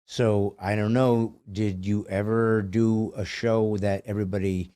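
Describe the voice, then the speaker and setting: A man's voice: fairly low pitch, flat delivery, unhurried, mellow, clear, resonant tone, dry recording. A man hosting a podcast in a studio, chatting casually with rambling, wry, self-mocking riffs. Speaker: podcast host. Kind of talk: casual chat.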